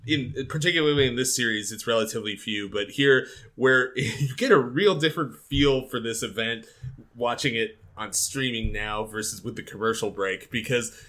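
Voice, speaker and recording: A man's voice: medium pitch, moderate pace, pushed and bright. A man co-hosting a podcast in casual chat, rambling and joking, swearing and laughing often. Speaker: podcast co-host.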